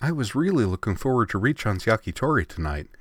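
A man's voice: fairly low pitch, sing-song, fast talker, dry recording, studio quality, pitched above the performer's own voice. A man voicing a cheerful, airheaded teenage girl who talks in an earnest, pleading way.

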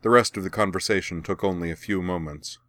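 Male narrator, audiobook reading, low voice, dry close recording, steady delivery. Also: quick pace, dry recording. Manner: steady, even storytelling. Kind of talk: audiobook reading of fan fiction.

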